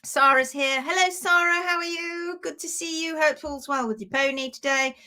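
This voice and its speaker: Bright, high-voiced woman hosting a live stream. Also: moderate pace. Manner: chatty, laughs often, greets viewers by name. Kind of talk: casual live-stream chat.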